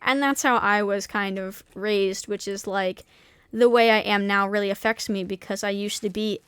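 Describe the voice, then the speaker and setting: A woman's voice: medium pitch, steady tone, normal speed, fairly bright tone, clear, resonant tone, dry recording. A young woman streamer in casual chat, talking candidly and swearing freely, with many restarts and fillers.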